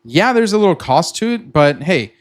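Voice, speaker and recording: A man's voice: sits high, sing-song, normal speed. A middle-aged man explaining a tech tool to viewers in a casual, rambling way, restarting often and acting out his own panicked reactions. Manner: chatty, repeats himself, acts out his own panicked reactions. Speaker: trading content creator. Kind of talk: casual explainer with sponsor pitch.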